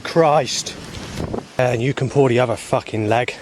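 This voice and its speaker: A man with a mid-range voice records a rambling video diary outdoors on a muddy path, holding the camera himself. He talks at a measured pace but sounds agitated and swears, with slight background noise in the recording.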